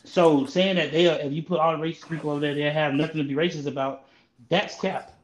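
Higher-voiced man, teasing and animated. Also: fast, slight background noise, rough recording. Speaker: podcast co-host. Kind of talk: casual chat.

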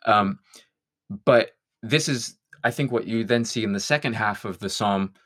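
Thoughtful low-voiced man reflecting. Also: normal speed, a bit bright. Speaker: guest songwriter. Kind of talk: reflective conversation.

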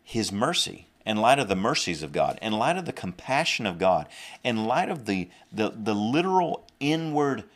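Southern guy preaching on a podcast, real low voice, earnest, keeps restarting and repeating himself. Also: big pitch swings, normal speed. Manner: earnest, repeats and restarts phrases, mocks drawl in asides. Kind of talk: podcast sermon.

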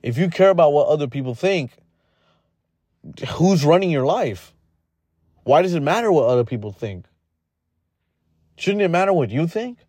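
A man's voice: a little high, darkish tone, no room sound. A man hosting a podcast, giving a blunt, casual motivational monologue full of fillers and restarts. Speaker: podcast host.

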